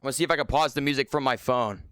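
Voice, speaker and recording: A man's voice: mid-range voice, very fast, fairly bright tone, clean tone, no echo, clean studio sound. A young man hosting a casual livestream, joking and playfully mock-serious, talking from a few feet back from his desk mic at his home setup. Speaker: livestream host.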